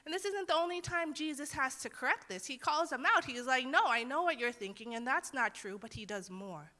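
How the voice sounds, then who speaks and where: With long hall reverb around her, a young woman teaches a Bible lesson in an earnest, relaxed, sermon-like way, performing the quotes she shares. She speaks briskly in a high, pushed, bright voice with lively intonation.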